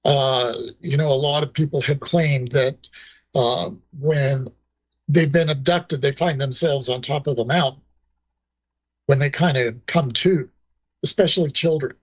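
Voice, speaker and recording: A man being interviewed, explaining things in a measured way with frequent fillers. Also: mid-range voice, dry recording, highs cut off. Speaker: guest, former ranger and paranormal researcher. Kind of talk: casual interview talk.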